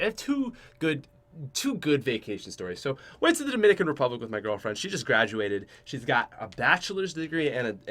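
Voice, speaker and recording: A young man in his twenties hosting a podcast, telling a rambling, joking story about himself with lots of restarts and sudden swings between loud and soft. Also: mid-range voice. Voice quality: chatty, joking, self-mocking. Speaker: podcast host.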